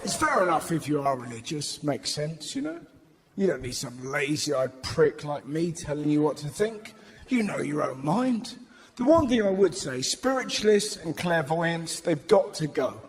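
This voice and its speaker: A man performing live stand-up, animated and sweary. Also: on the high side, moderate pace. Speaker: stand-up comedian. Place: large theatre stage. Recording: noisy live venue.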